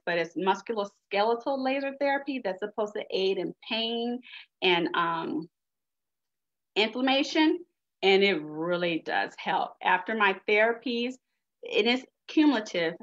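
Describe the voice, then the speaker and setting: A woman's voice: mid-range voice, a bit bright. A woman giving a chatty, folksy webinar presentation on a video call. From United States. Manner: chatty, folksy, addresses audience as y'all. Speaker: guest speaker sharing her experience. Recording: dull lo-fi video call audio.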